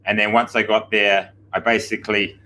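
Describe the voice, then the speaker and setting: A man, chatting casually and telling a rambling, animated anecdote on a breakfast show. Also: fairly low pitch, moderate pace, slight background noise, rough recording. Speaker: gym coach on breakfast show. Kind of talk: casual storytelling banter.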